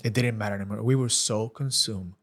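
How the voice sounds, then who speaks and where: A man sharing an emotional personal testimony as a podcast guest, speaking earnestly and haltingly with many restarts. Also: fairly low pitch, steady tone, fairly bright tone.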